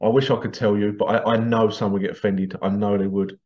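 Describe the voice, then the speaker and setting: A man's voice: on the low side, fairly quick, dark tone. A middle-aged man chatting straight to his viewers in a loose, rambling way, forever on the edge of laughing at his own stories. The sound is slightly dull and lo-fi. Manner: giggly, keeps breaking into laughter while telling stories. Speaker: vlogger. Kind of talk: casual monologue to camera.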